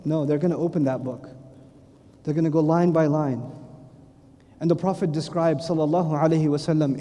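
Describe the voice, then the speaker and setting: A man giving a humorous religious lecture, telling stories with animated asides and self-corrections. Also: high-pitched. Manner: animated storytelling with quick asides. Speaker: Islamic lecturer. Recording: long hall reverb.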